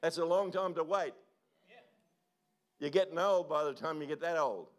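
A man's voice: fairly high pitch, normal speed. Pastor exhorting his congregation. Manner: exhorting, repeated calls and tag questions. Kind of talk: sermon. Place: church service.

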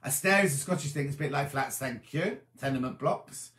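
A tired man hosts a casual live-stream chat, rambling as he reads viewers' comments aloud and answers them. His mid-range voice is a little fast and a bit bright, with a roomy sound.

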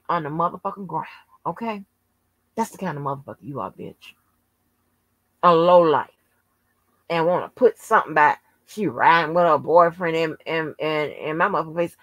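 A woman's voice: sits low, fairly bright tone, no room sound. A woman hosting her own channel, ranting heatedly and profanely at someone, stretching out words for emphasis. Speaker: channel host. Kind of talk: casual rant to camera.

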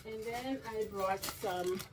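A woman's voice: medium pitch, takes it slowly, noisy background. A woman chatting casually through a grocery haul at home, drawn out and often checking in with "okay?". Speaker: vlogger. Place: home, indoors.

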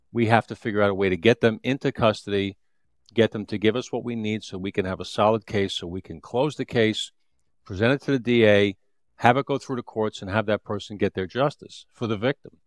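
Low-voiced retired detective telling a story. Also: male voice, no echo, studio quality. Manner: vivid, repetitive storytelling with restarts and re-enacted dialogue. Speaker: retired police detective, podcast guest. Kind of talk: storytelling in a conversational interview.

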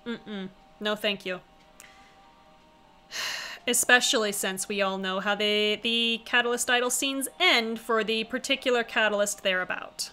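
A woman's voice: fairly high pitch, fairly even intonation, unhurried, pushed and bright, clear, resonant tone, faint music behind. A woman streamer reading a visual novel aloud, with wry, chatty asides in between. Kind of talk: casual reading with commentary.

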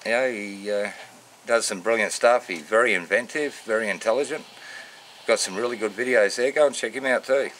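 A man with an Australian accent giving casual, unscripted shout-outs in a matey, rambling way full of slang. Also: fairly low pitch, a little fast, slight background noise. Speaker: vlogger.

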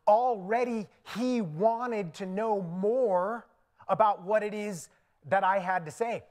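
Animated Indian-accented pastor telling a story. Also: male voice, high-pitched, takes it slowly. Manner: conversational and animated, often laughing at his own asides. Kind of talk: sermon with personal storytelling. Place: church sanctuary.

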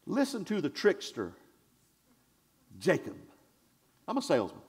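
A male pastor preaching a sermon in a church, swinging from shouted declarations to hushed asides in a folksy, conversational way. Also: a little high, huge pitch swings, husky. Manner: conversational, drawn-out and folksy, with audience call-and-response.

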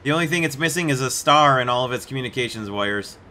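A man's voice: mid-range voice, expressive, quick pace, bright, forceful tone. A man giving casual, amused commentary while playing a naval game, now and then putting on joking accents. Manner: chatty, amused, puts on mock accents for jokes. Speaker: gameplay video host.

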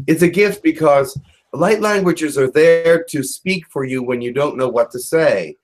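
A man, a channeler, chatting casually in a gentle, reassuring way with small hesitations. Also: fairly high pitch, measured pace, faint music behind, poor audio. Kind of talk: casual chat.

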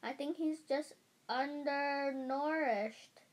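A woman reading the lines of a kind veterinarian, with a gentle, reassuring way of talking. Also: high-pitched, slow pace, pitched above the performer's own voice.

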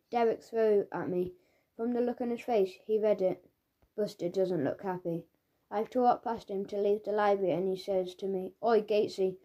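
This is a woman with a medium-pitched voice telling a children's audiobook from a schoolboy's first-person view. She delivers it in a lively storytelling way, captured on a studio microphone.

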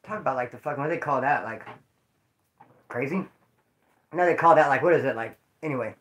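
A man's voice: mid-range voice, fairly quick, fairly bright tone. A man casually telling stories to his viewers, rambling, jokey and full of swearing. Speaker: vlogger telling prison stories.

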